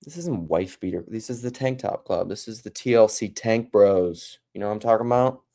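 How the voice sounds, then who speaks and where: A man's voice: fairly low pitch, moderate pace, dark tone. A man talking casually from home on a live stream, rambling and joking between serious points. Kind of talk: casual livestream monologue.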